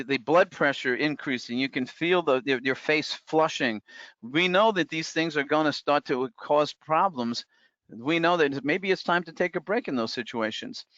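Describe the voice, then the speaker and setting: A man's voice: medium pitch, fairly bright tone, clean tone, no echo, muffled recording. A man presenting a live online talk, speaking conversationally with many fillers and restarts, and reading out comments from the chat. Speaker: webinar presenter.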